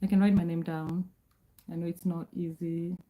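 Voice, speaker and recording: A woman in her forties from Kenya, hosting a casual livestream, greeting viewers by name and answering chat in calm, measured speech. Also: lowish voice, low-quality recording. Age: 40s. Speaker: livestream host.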